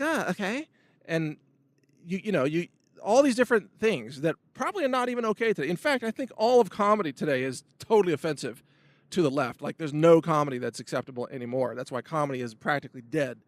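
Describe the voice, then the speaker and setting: A man's voice: fairly high pitch, no room sound. A middle-aged man hosting his own show, giving an emphatic opinion monologue that rambles with restarts and asides. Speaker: host of a video commentary show.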